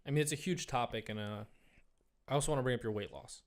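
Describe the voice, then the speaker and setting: A man's voice: medium pitch, fast talker. A young man co-hosting a casual podcast, asking questions and affirming his friend in an upbeat way. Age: young adult. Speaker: podcast co-host.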